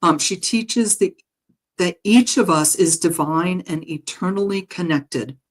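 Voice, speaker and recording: A woman who works as a spiritual healer, passing on meditation messages in a gentle, halting way with frequent pauses and fillers. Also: fairly low pitch, rough recording. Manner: gentle, halting, with frequent ums and soft laughs. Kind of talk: guided meditation message reading. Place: home live stream.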